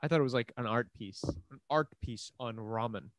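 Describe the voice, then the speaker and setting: A man's voice: mid-range voice, fairly quick, no room sound, clean studio sound. A man from Queens co-hosting a podcast, chatting casually and teasing his co-host, getting heated when he defends his team. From Queens, New York. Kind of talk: casual chat.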